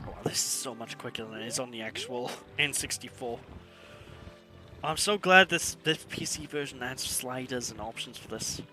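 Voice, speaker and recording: A man's voice: medium pitch, bright, forceful tone. A man chatting casually while playing a video game, laughing often and using British slang. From Wales. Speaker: streamer. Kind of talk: casual gameplay commentary.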